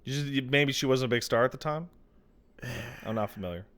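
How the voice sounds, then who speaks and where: A man co-hosting a podcast, riffing jokingly in casual chat with loud put-on outbursts. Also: medium pitch, brisk. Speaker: podcast co-host.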